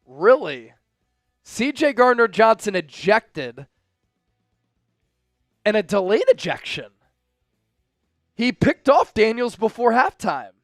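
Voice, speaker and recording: Excitable high-voiced male livestream host. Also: slow, pauses often, no room sound, soft background music. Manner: excitable, shouts at big plays; chats directly with viewers. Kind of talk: live watch-along commentary.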